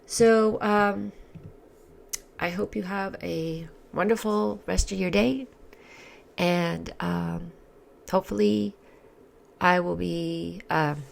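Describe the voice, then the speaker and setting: A hoarse woman giving casual religious commentary in a halting way, with many fillers and restarts. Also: fairly low pitch, fairly even intonation. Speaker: Orthodox Christian commentary vlogger.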